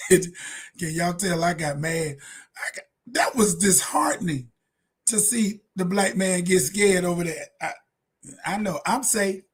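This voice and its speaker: Male ministry host, slightly high husky voice, impassioned and repetitive. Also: slow pace, pauses often. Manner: fiery, preacherly, laughs often, repeats lines for emphasis. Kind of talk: impassioned livestream commentary.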